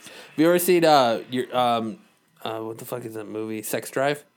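A man's voice: medium pitch, moderate pace. A man co-hosting a casual podcast, laid-back and joking dryly, laughing often. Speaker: podcast co-host. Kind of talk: casual chat.

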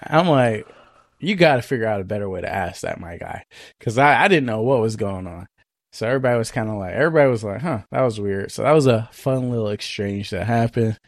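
Podcast co-host, man, casual storyteller, dry close mic, lively swings in pitch. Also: fast talker, dry recording. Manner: animated, acts out both sides of a story.

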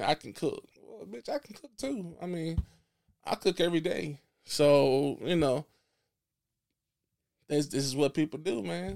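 Blunt, gravelly-voiced man sounding off. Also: fairly high pitch. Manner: blunt and profane, with frequent restarts; emphatic and preachy. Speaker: podcast guest. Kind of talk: casual opinionated podcast chat.

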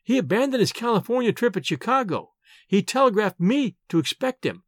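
A man reading aloud and voicing an earnest, refined young woman who speaks in a hurried, pleading way. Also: sits high, very animated, no echo, studio quality. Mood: anxious.

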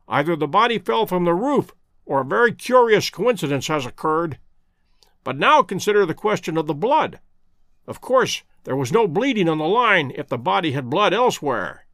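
A man voicing a keen, brilliant male detective who reasons aloud in brisk steps. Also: sits high, a bit bright, dry recording, clean studio sound, full character voice.

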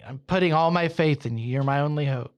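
A man's voice: a little high, fairly quick, close to an everyday voice. A man voicing a confused, nervous believer who pleads with hesitant, stammering restarts. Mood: pleading. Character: confused, nervous, faithful man gambling on a prayer.

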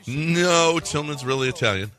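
A man's voice: on the high side, animated, moderate pace, pushed and bright, faint music behind. A man hosting a radio show, riffing loosely in casual banter.

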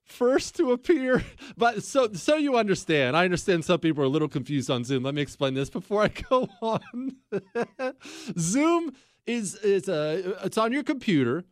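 Laughing high-voiced male talk host. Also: big pitch swings, normal speed, no echo. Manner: laughs a lot, rambling and sarcastic. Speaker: radio talk show host. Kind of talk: casual talk radio monologue.

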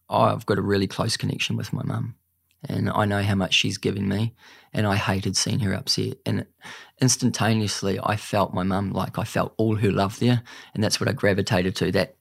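A young man with a New Zealand accent, a podcast guest telling a painful personal story in an earnest, halting way, often saying "mate". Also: on the low side, vocal fry, dry recording, studio quality.

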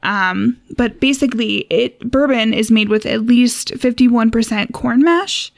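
A young woman co-hosting a casual cocktail podcast, explaining a recipe in a relaxed way with frequent laughs and fillers. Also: on the high side, unhurried, creaky, no room sound. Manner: relaxed, giggly, lots of fillers. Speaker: co-host.

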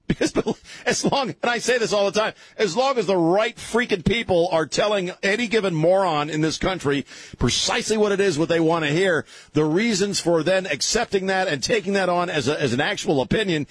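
A man's voice: sits high, a little fast, slightly rough, dry recording. A man hosting talk radio, ranting sarcastically through an opinionated monologue and often restarting his sentences.

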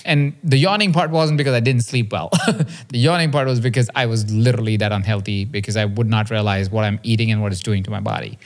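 A man's voice: on the low side, fast talker. A man in his thirties, a podcast host and coach, telling a personal story in an earnest, confessional way and often checking in with "right?". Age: 30s.

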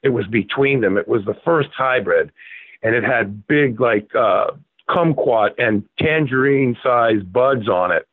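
A man's voice: medium pitch, a little slow, breathy edge, dry recording. A man in his sixties from Florida, a guest telling a rambling story with many fillers and restarts. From Florida, USA. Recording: tinny phone-like line.

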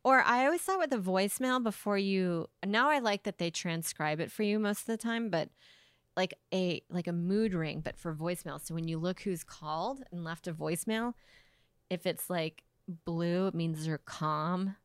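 A woman comedian chatting as a podcast guest. Her voice sits a little low and sounds smooth and clear. She drops wry one-liners, and the sound is close and dry. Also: normal speed, no echo. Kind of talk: casual chat. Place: hotel room.

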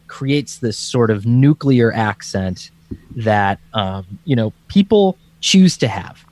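A man's voice: on the low side, darkish tone. A man from the Scranton area of Pennsylvania, co-hosting a podcast in a rambling, casual way with many restarts. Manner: rambling, full of restarts and fillers. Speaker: podcast co-host.

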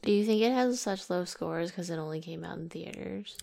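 A woman's voice: lowish voice, a little fast, vocal fry, mellow. A woman co-hosting a podcast, chiming in with wry, sarcastic comments during a casual movie chat. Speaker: podcast co-host.

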